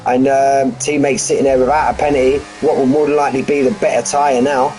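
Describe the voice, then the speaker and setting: A man's voice: mid-range voice, level tone, brisk, darkish tone, slight background noise, poor audio. Chatty man calling a race. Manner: chatty, rambling, jokey. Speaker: sim racing commentator. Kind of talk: live race commentary.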